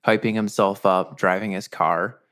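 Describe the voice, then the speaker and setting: A man with a fairly low voice, co-hosting a movie podcast. He has an easygoing manner and retells film scenes in relaxed, casual chat. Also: moderate pace. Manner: easygoing, storytelling. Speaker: podcast co-host.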